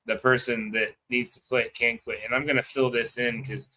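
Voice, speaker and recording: An American man hosts a casual livestream chat, excitable and rambling, swearing freely and filling his speech with fillers. He has a mid-range voice and a moderate pace.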